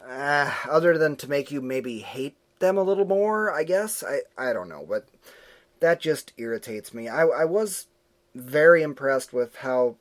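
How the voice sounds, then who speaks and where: A man's voice: on the high side, lively intonation, unhurried. Opinionated man ranting about movies. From United States. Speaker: podcast host. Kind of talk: casual movie review chat.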